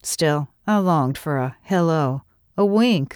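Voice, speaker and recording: A woman's voice: low-pitched, expressive, slow pace, a little mellow, dry recording, clean studio sound. A middle-aged woman narrating a first-person story in an earnest, reflective way.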